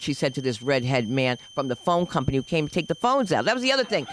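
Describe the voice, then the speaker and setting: A woman doing stand-up comedy on a club stage, telling stories in a lively, swooping way and throwing in shouted sound effects. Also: sits low, fast talker, few pauses, slight background noise, poor audio.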